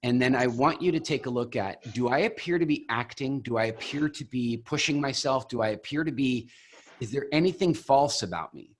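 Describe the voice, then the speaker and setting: A man leads a coaching call over a video link, speaking at a mid pitch. He talks in an animated, expressive way, acting out examples as he tells stories. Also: a little fast, slight background noise. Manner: animated, expressive storyteller who acts out examples. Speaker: program founder coaching coaches.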